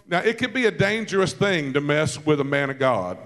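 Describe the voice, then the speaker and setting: Male preacher, sermon, storytelling with laughs, calls to the congregation, slightly high pitch. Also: fairly quick, hardly any pauses, big-room sound. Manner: lively storytelling with asides and laughter.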